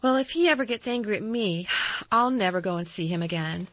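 A woman's voice: medium pitch, animated, a little fast, a bit bright, no room sound, natural voice. A woman voicing a blunt, earnest little girl. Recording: slightly dull dry recording.

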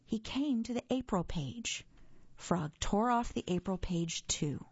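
A woman reading a children's story aloud for a reading service, in a gentle, clear storytelling manner. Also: medium pitch, expressive, measured pace, dry recording, dull audio. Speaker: audio reader for a reading service.

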